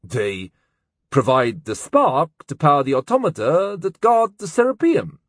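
A man's voice: a little high, very animated, measured pace, no echo, studio quality, pitched above the performer's own voice. A man voicing an eager, bookish young male student in an audiobook, earnest in manner. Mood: hesitant. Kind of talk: audiobook character voice.

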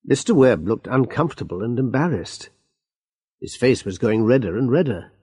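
A man narrating a graded-reader story in a clear, measured way. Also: mid-range voice, expressive, dark tone. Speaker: audiobook narrator.

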